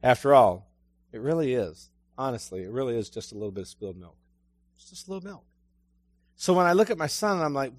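A man's voice: high voice, a bit bright, no room sound. A middle-aged man preaching a sermon in a conversational, storytelling way, often asking his listeners questions.

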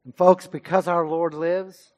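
A man preaching a sermon, his delivery swelling to loud passages and sinking to quiet ones. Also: fairly high pitch, little pitch movement, a little slow. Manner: preaching with rising and falling intensity. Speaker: pastor.

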